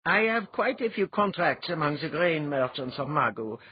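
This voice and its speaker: A man's voice: fairly high pitch, very animated, moderate pace, husky, no echo, pitched above the performer's own voice. A man voicing a shrewd, confident duke who thinks in money. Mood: sly. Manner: sly, confident. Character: shrewd money-minded duke, merchant type. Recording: dull lo-fi audiobook recording.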